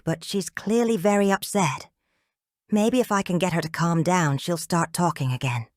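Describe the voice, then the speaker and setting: Woman narrator, first-person audiobook reading, measured calm tone, lowish voice, dry close mic. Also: no room sound.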